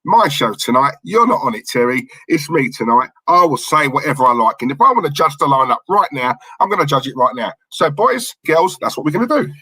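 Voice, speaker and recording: Casting: male stream host, husky voice, dry close sound, chatty banter with viewers. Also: a little high, big pitch swings, fairly quick, hardly any pauses, bright, forceful tone, no echo, poor audio. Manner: chatty, banters with viewers, reads out names and lineups. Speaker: football watchalong host. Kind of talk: casual live-stream chat.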